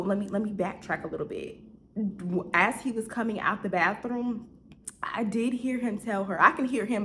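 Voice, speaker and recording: A woman's voice: lowish voice, fairly bright tone, slight background noise. A young woman, apparently from Houston, telling a story in a casual storytime vlog, chatty and full of fillers, often turning to her viewers. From Houston, Texas. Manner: chatty, addresses viewers as "y'all", many "like" fillers.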